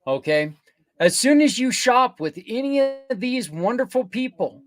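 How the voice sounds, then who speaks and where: An older man hosting a podcast, talking earnestly and casually, rambling a little and correcting himself as he pitches a community program. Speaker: podcast host. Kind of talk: casual promotional talk.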